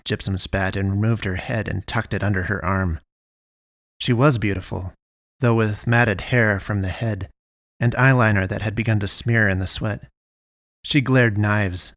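Man, low voice, measured story reading, dry close sound. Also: steady tone, no echo. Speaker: narrator. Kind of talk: first-person story reading.

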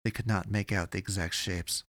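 A man giving steady, measured scripted narration of an audiobook. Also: deep voice, dry recording, studio quality.

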